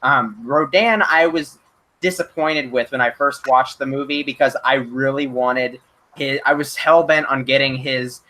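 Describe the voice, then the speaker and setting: Bright voiced guy hosting a fan chat stream, gets excited and trips over his words. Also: medium pitch, measured pace. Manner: excitable, stammers and restarts. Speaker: channel host. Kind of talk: casual fan discussion stream.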